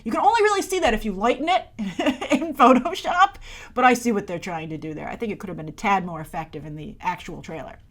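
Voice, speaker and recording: A woman hosting a movie review show, chatting casually and sarcastically through a trailer breakdown and playing out characters' lines in quick asides. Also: medium pitch, animated.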